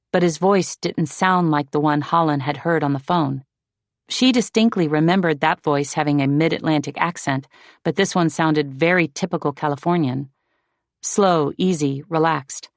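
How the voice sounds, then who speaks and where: Here a woman with a low voice reads scripted audiobook narration. Her storytelling stays measured and even, and there is no room sound.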